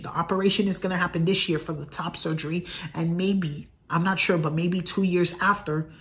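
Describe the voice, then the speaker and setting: Earnest man rambling to camera. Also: high voice. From United States. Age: 30s. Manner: earnest, rambling, repeats phrases. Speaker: vlogger. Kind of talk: casual direct-to-camera vlog.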